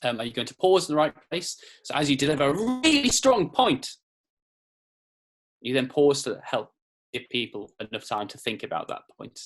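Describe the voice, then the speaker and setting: A man's voice: medium pitch, very animated, normal speed, a bit bright. A man presenting an online writing lesson for children in a friendly, explanatory way with frequent fillers. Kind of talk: classroom lesson video.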